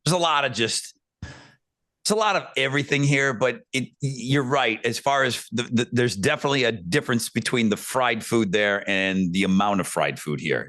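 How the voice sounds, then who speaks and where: A man from Buffalo, New York, co-hosting a podcast with animated, profane chatter. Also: fairly low pitch, no room sound. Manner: animated, profane, laughs often. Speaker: podcast co-host. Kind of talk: casual podcast banter.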